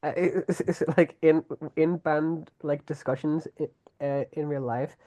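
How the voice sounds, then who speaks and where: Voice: medium pitch, fairly even intonation, unhurried, mellow. A musician guest in a casual podcast chat, swearing, laughing and restarting sentences.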